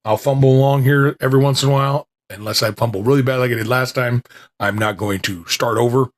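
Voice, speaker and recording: Speaking fast with a steady, medium-pitched voice, a man runs a small podcast, chatting loosely, restarting often and putting himself down in a rambling way. Later he reads an old lecture aloud, his voice still on the mend.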